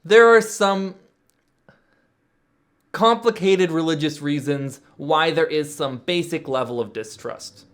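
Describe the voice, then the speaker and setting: A man's voice: a little high, takes it slowly, a bit bright. A man casually explaining history to viewers, with joking, sarcastic asides.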